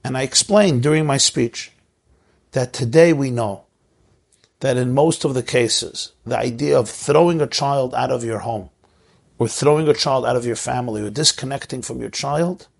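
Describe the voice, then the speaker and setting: A middle-aged rabbi giving an earnest, emotional sermon, telling a story and repeating phrases for emphasis. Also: male voice, medium pitch, vocal fry, breathy edge.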